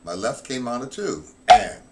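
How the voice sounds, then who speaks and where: Middle-aged male drum teacher, medium pitch, counts beats out loud, noisy stream with clicks. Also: expressive. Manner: counts rhythms aloud, loud and slow. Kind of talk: live-streamed drum lesson.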